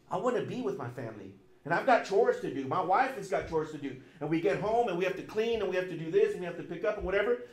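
Middle-aged male pastor, emphatic sermon delivery, slightly high voice, roomy church echo. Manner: emphatic preaching with repetition and sudden loud and soft swings.

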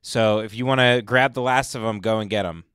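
A man's voice: on the low side, brisk, a bit bright, clean tone, no room sound, studio quality. A man hosting a live stream, mocking the people in a clip with sarcastic commentary. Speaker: stream host.

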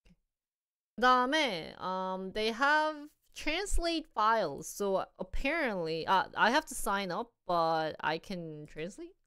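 Smooth-voiced and lively, this young woman speaks at a mid-range pitch and a measured pace during a casual live stream. Playful and talkative, she thinks out loud while experimenting with things.

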